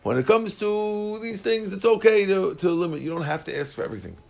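A man teaching a Talmud class, explaining Aramaic and Hebrew phrases in plain terms with lively energy. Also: high-pitched, fairly quick, gravelly.

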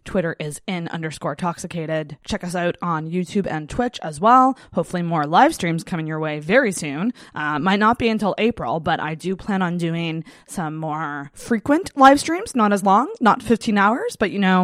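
A woman's voice: on the low side, normal speed, hardly any pauses, no room sound. A woman hosting a podcast, reading plugs and then chatting and laughing easily with a guest in the studio. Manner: bubbly, giggly, lively intonation. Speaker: podcast host. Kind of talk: casual podcast chat. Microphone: studio mic.

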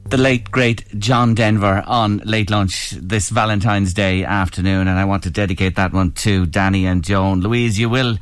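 A man's voice: on the low side, steady tone, normal speed, hardly any pauses, smooth, faint music behind. A man hosting a casual radio show in a studio, chatty and sentimental, telling stories to listeners.

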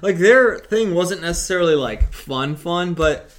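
A man's voice: high voice, lively intonation, a little slow. Exasperated rambling man chatting casually. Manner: exasperated, rambling with many fillers. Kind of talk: casual chat.

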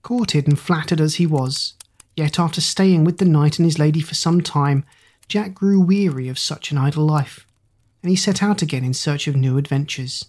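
A narrator reading an old fairy tale aloud in a measured, even way. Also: medium pitch. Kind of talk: storybook narration.

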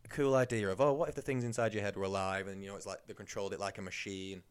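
A man's voice: lowish voice, steady tone, fast, clean tone. A man co-hosting a podcast, chatting casually and teasing his co-host with sarcastic asides. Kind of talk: casual chat.

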